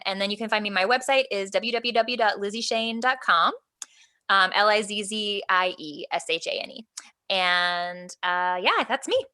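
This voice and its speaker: A woman author in a casual interview, talking excitedly with frequent restarts and laughter. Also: medium pitch, clear, resonant tone. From Alaska. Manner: excited, gushing, laughs often, many restarts. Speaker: guest author.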